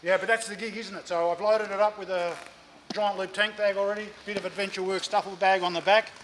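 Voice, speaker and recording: High-voiced chatty Australian man. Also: little pitch movement, a little fast, fairly bright tone, slight background noise. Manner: chatty, jokey, tags lines with "mate" and "isn't it". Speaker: motorcycle magazine editor. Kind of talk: casual on-location banter. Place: motorcycle dealership.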